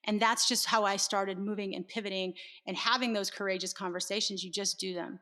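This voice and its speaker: A woman's voice: mid-range voice, moderate pace, fairly bright tone. A middle-aged woman, a guest on an interview show, telling a candid personal story with earnest, emphatic repetition.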